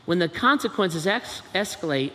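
A man giving a sermon in a large hall, playful and animated, acting out family scenes for the congregation. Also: sits high, normal speed. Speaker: preacher. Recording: echoey hall.

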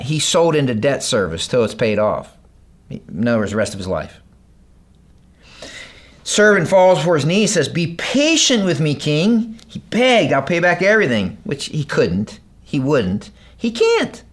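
Male pastor, sermon, dramatic, hushed low passages and loud emphasis, voices characters, middle pitch. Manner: acts out the parable's characters in raised voices.

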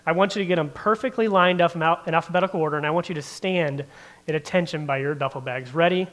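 A bossy army drill sergeant yells orders over and over, as a man puts him on. His voice is pitched up and tight, and he hammers each command in a fast, clipped rhythm. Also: close to an everyday voice. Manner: barked, repeated commands.

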